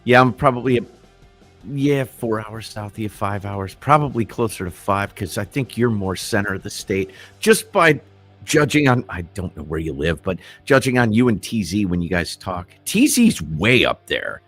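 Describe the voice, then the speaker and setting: A middle-aged man from Illinois rambles excitedly through casual livestream chat, swearing freely. His pitch swings widely, and faint music plays in the background. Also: moderate pace. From Illinois, United States. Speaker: livestream co-host.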